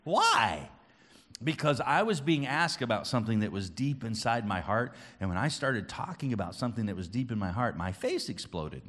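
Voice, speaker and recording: A man preaching a children's church sermon, booming and playful with the kids, then dropping soft and earnest. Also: lively intonation, brisk, hardly any pauses. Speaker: children's pastor.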